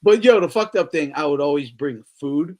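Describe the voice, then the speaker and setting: On the high side with a darkish tone, he speaks at normal speed. He's a podcast host whose casual talk is loaded with swearing and laughs.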